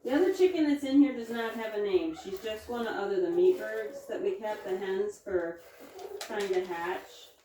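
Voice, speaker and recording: A woman homesteader chatting casually while milking her goats, sliding into a high sing-song coaxing voice when she talks to her animals. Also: normal speed, mellow, slight background noise. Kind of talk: casual chat while doing farm chores. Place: indoor barn or milking shed with chickens. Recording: roomy barn, distant mic, faint clucking. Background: chickens clucking.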